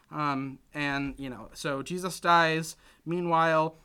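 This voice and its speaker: A man's voice: fairly high pitch, little pitch movement, moderate pace, hardly any pauses, bright, forceful tone, clean tone. A young man casually recapping a film plot, rambling with lots of "like" and "you know" and acting out the characters' lines. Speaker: podcast co-host recapping a film. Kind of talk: casual chat.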